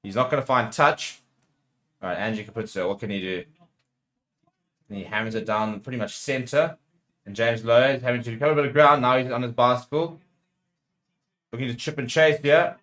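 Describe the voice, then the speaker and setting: A man's voice: mid-range voice, a little fast, pauses often, fairly bright tone. A man hosting a rugby watchalong, calling the play live and getting heated with the referee. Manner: partisan play-by-play calls. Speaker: watchalong host.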